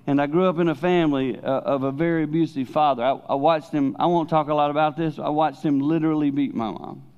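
A man's voice: on the high side, fast talker, clean tone. Older male preacher, dull lo-fi sound. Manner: animated preaching, swinging between loud emphasis and hushed asides. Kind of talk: sermon. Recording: dull lo-fi recording.

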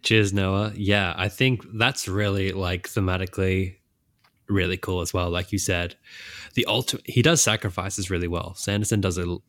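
A man co-hosting a casual podcast chat, animated and quick to laugh. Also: low-pitched, dry recording. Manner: animated, laughs often, acts out characters' lines. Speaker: podcast co-host.

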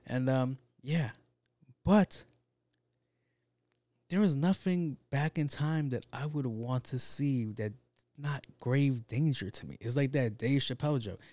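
A man's voice: medium pitch, slow pace, mellow, no room sound. A man talking in a loose, rambling monologue, swearing often and leaning on fillers. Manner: profane, rambling, with frequent fillers.

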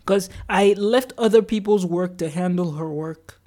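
This solo podcaster has a mellow, mid-range voice and speaks a little slowly. They loosely recount their day, sprinkling in lots of "like" and acting out what other people said.

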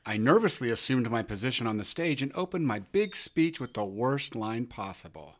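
A man with a deep, relaxed radio-style voice, casually reading a listener's letter aloud. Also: normal speed, few pauses.

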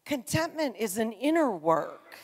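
A middle-aged woman giving an earnest, conversational sermon testimony, swinging between loud emphasis and soft, quiet passages. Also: a little high, very animated, a little slow. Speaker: church speaker. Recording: long reverb in a large hall.

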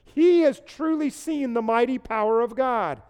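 High-voiced preacher man in a reverberant space. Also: measured pace, darkish tone, clean tone. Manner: earnest, asks the listeners rhetorical questions and repeats key phrases. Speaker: pastor. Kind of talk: sermon to an online congregation. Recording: long reverb.

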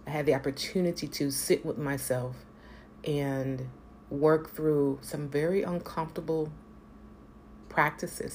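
A woman with a low voice speaks earnestly about growth and spirit. She is emphatic and blunt, and swears now and then for emphasis. Faint noise sits behind her. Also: darkish tone. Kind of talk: personal reflective talk to camera.

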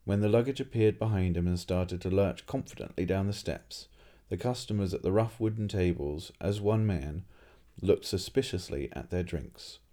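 A man narrates a story aloud in a steady way, sometimes restarting a phrase. His voice is deep and mellow. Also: normal speed, hardly any pauses. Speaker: reader.

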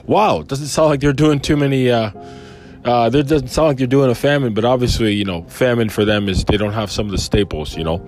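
A man's voice: mid-range voice, moderate pace, a little mellow, soft background music. A man casually reading a Bible chapter aloud and commenting on it, enthusiastic and rambling with many fillers.

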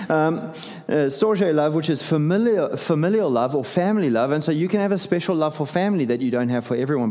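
Conversational male preacher in a reverberant hall. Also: medium pitch. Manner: conversational, animated preaching with self-deprecating asides. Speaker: pastor. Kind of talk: sermon.

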